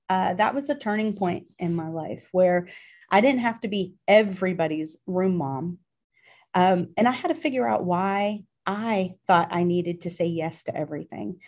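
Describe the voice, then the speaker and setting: A middle-aged woman from Pittsburgh, a guest in an interview, telling a personal story in an earnest, emotional way, with many ums and restarts. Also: mid-range voice. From Pittsburgh, Pennsylvania.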